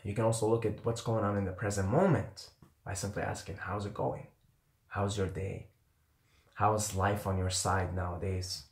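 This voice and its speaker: A man with a fairly low voice talks straight to camera, rambling through casual dating advice. He circles back and repeats himself, and he swears freely. The room has a noticeable echo. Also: flat delivery, moderate pace. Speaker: vlogger giving dating advice.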